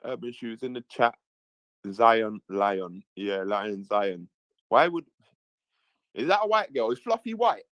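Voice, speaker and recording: A man's voice: on the low side, expressive, takes it slowly, long pauses, a bit bright, no echo, low-quality recording. A man hosting a casual live stream, reading the chat aloud and often repeating his own lines. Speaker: livestream host.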